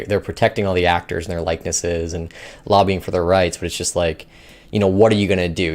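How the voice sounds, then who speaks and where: A man hosting a finance news show, talking in loose, rambling casual commentary with many fillers. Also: low-pitched.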